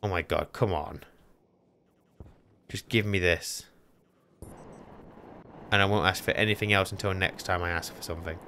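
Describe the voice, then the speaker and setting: A young man running frantic solo commentary on a game, talking to himself and repeating words fast. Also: low-pitched, fairly even intonation, sharp tone, a little hiss or hum. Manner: panicky, talks to himself, repeats words rapidly. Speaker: gaming channel host.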